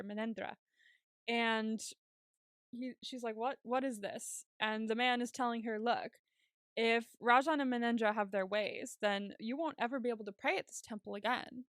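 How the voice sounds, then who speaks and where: Animated woman recapping a show. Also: on the high side, no room sound, clean studio sound. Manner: animated retelling, acts out characters' lines, laughs often. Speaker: podcast co-host. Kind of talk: casual recap chat.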